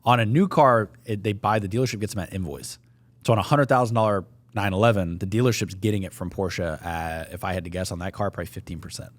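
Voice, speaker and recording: Man, deep low voice, quick delivery, casual podcast chat, dry close sound. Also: no echo. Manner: explains with profanity, plain and matter-of-fact. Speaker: podcast co-host.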